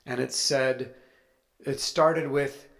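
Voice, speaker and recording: A man's voice: medium pitch, steady tone, slow, vocal fry, fairly bright tone. A man, an author, telling a chatty, anecdotal story with playful humor to a live audience. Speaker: author speaking at a writers' event.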